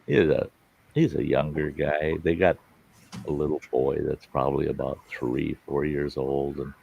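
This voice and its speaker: This man's voice is extremely low, gravelly, mellow and husky, steady in tone and measured in pace. He hosts a live stream, chatting casually and telling rambling folksy stories where he acts out what people said, over dull lo-fi sound.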